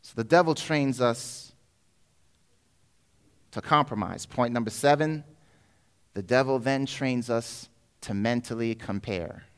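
A male preacher delivering a sermon in an animated way, acting out quoted voices and swinging between loud passages and hushed ones. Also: medium pitch, takes it slowly, long pauses, clean tone.

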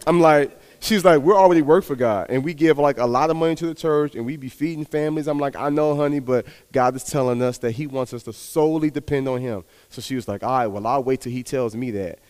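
A man preaching a sermon, telling a personal story and acting out the dialogue with lively, animated delivery. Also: mid-range voice, a little fast, long reverb tail.

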